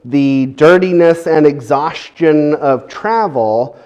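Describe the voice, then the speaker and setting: A man's voice: fairly high pitch, takes it slowly, darkish tone. A man preaching a sermon who explains in a conversational way, with frequent fillers.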